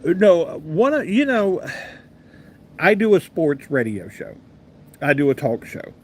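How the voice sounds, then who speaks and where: A man's voice: a little high, sing-song, slow. A man in his fifties, a radio talk show host, telling a rambling personal story and answering viewers' comments in a casual chat. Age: 50s. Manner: chatty, rambling anecdotal delivery with asides to viewers.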